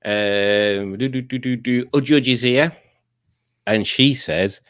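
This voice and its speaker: A man's voice: mid-range voice, slow, fairly bright tone, clean tone. A man hosting a casual chat show, reading out viewer comments and laughing often. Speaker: podcast host.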